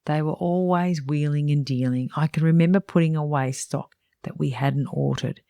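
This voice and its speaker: A woman's voice: deep voice, steady tone, moderate pace, vocal fry, mellow, no room sound. A middle-aged woman who mentors salon owners and hosts a podcast, reading her own book aloud in a frank, chatty way with wry asides.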